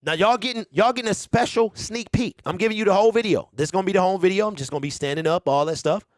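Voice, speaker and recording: A man's voice: high-pitched, racing, dry recording, studio quality. A man from Detroit hosting a casual sports fan livestream, hyping up his viewers and checking in with them often. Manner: animated, hypes up viewers, keeps checking in with "okay?". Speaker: sports show host.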